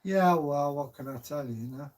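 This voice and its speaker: A man's voice: on the high side, moderate pace, a little mellow. An older man from Kent with a southern English accent, chatting casually on a livestream as channel host, rambling with many hesitations. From Kent, England.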